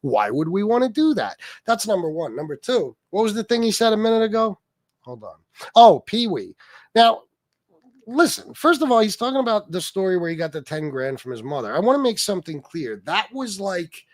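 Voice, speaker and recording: A man hosts a casual livestream, reading chat messages aloud and riffing on them with profane, mocking commentary. His fairly high voice swings widely in pitch, and the sound is dry and close. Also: no echo. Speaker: livestream host.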